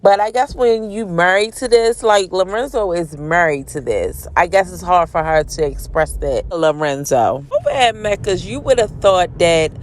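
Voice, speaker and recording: A woman giving a casual, slangy recap of a TV drama episode and reacting loudly to the scenes. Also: lowish voice, expressive, moderate pace, few pauses, slight background noise. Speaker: TV recap commentator.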